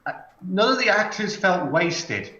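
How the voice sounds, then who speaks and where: A man's voice: sits high, very animated, unhurried, bright, forceful tone. Man with a roomy, muffled recording. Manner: rambling, hesitant, often restarting sentences. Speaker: podcast host. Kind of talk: casual chat. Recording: echoey, dull lo-fi sound.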